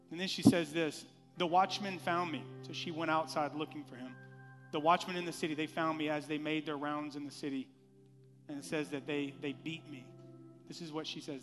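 A man preaching a sermon as pastor in a church, animated, acting out scripture lines with playful voices. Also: a little high, normal speed, in a large hall, faint music behind.

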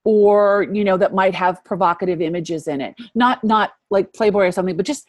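A woman in her fifties sharing a personal faith testimony as an interview guest, earnest and reflective, often dropping to a hushed voice. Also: medium pitch, brisk, no room sound. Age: 50s.

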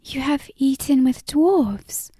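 A woman voicing a timid, wistful young girl who speaks in a hushed, breathy, hesitant way in an audiobook. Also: high voice, animated, slow pace, no echo, clean studio sound, voice pushed up. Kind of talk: audiobook character voice.

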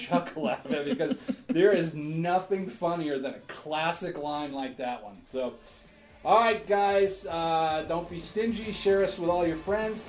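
A man's voice: a little high, a little mellow. A man hosting a podcast in casual chat, joking and laughing often. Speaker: podcast host. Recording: roomy echo.

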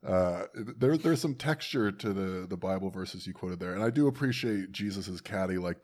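A man's voice: deep voice, expressive, moderate pace, hardly any pauses, a little mellow. A man hosting an interview in a casual, wry, joking way who laughs often. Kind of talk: casual chat.

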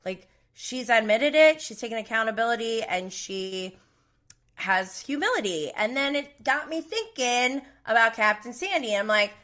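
Woman host for a casual live recap: bright, chatty, opinionated, mimics the people she quotes. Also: fairly high pitch, lively intonation, normal speed.

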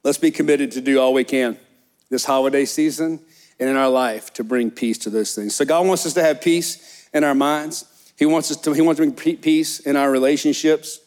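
A middle-aged man, preaching a sermon as pastor in a church, telling stories with lively animation. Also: medium pitch, normal speed. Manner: animated storytelling, acts out disciples' excited chatter. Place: church sanctuary.

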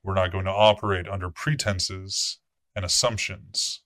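Man doing a stern vampire prince, male, commanding and formal, curt swearing, forceful bright voice, dry close sound. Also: low-pitched, fairly even intonation, no echo. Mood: grave. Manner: authoritative, measured orders with blunt swearing.

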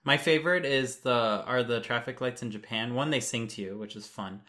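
Woman w a really low voice, dry wry comments, lots of mm-hmms. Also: brisk, a bit bright. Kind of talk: casual chat.

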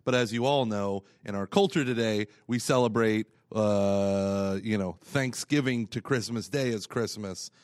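A man's voice: lowish voice, unhurried, hardly any pauses, no room sound, studio quality. A man co-hosting a parish podcast in casual chat, joking and laughing often. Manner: jokey, laughs often, teasing. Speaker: podcast co-host, parish evangelization coordinator.

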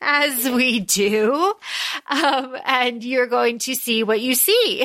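A woman's voice: sits high, animated, a little slow, bright, forceful tone. A woman co-hosting a podcast in casual book chat, animatedly acting out characters' lines. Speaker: podcast co-host.

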